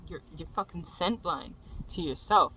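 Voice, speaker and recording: A young adult vlogger telling a venting story in a profane, exasperated rant that builds into shouting. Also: medium pitch, moderate pace, husky, poor audio.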